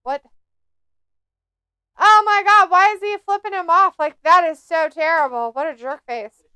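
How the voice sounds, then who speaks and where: A woman's voice: extremely high pitch, measured pace, bright, forceful tone, dry recording. A woman casually commenting on a wrestling match during a live stream, joking and mocking the wrestlers. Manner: snarky, jokey, mocking the wrestlers. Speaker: watch-along host.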